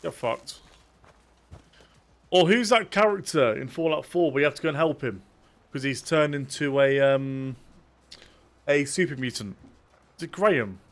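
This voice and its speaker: A man streaming a game live, swearing often and talking to his viewers in excited bursts. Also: on the high side, measured pace, pauses often. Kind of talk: live gameplay commentary.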